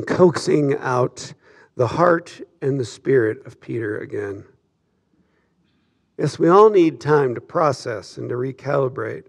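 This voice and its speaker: Male pastor, sermon, gravelly texture, measured reflective delivery. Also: mid-range voice, a little mellow. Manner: reflective, measured preaching with slow emphatic pauses. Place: church sanctuary.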